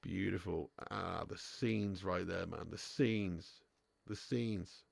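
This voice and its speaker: A man's voice: low-pitched, slow, creaky, no echo. A young man hosting a live football watch-along, bantering with his chat, swearing and laughing often.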